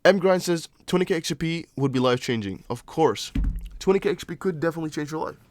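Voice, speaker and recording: Speaking fast in a slightly high voice, this young non-native English-speaking man runs a casual crypto livestream. He chats loosely, answers viewers' comments, restarts sentences, and drops apologetic side remarks.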